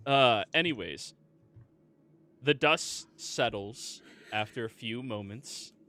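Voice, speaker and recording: Bright-voiced male game master. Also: mid-range voice, slow. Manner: laughs often, casual and joking. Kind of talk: narrating a tabletop game.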